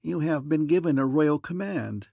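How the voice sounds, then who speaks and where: A man's voice: on the high side, expressive, normal speed, creaky, warm tone, dry recording, pitched above the performer's own voice. A man voicing a fussy, adenoidal male court servant. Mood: officious.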